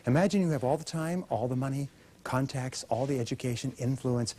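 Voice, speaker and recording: A man's voice: medium pitch, a little fast, mellow, slight background noise. A man giving a motivational seminar talk, emphatic, asking rhetorical questions and having the audience repeat his lines. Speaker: motivational speaker.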